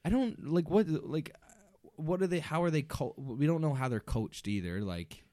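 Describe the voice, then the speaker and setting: A man's voice: on the high side, lively intonation, moderate pace, mellow, no room sound. A male podcast co-host in casual chat, sounding stuffed up and nasal, talking with lots of hesitant restarts.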